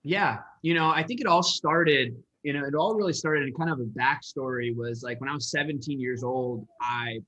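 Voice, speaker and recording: A sales coach and entrepreneur from Michigan, USA, is a guest on a podcast interview, telling a personal story in an earnest, rambling way with many restarts. His mid-range voice has a sharp tone, normal speed, and few pauses, captured in dull lo-fi audio.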